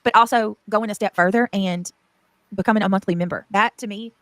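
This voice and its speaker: A woman's voice: mid-range voice, steady tone, fairly quick, fairly bright tone, no room sound. A woman livestreamer reading viewer comments aloud and thanking members.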